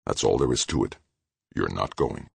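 A man's voice: very animated, normal speed, gravelly, husky, dry recording, heavily acted. A man voicing a stubborn, protective man in an audiobook, firm and insistent. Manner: firm, insistent, low and final. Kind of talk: audiobook character voice.

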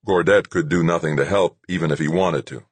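A man reading an audiobook as narrator in a steady, measured way. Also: low voice, breathy edge, no echo. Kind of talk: scripted narration.

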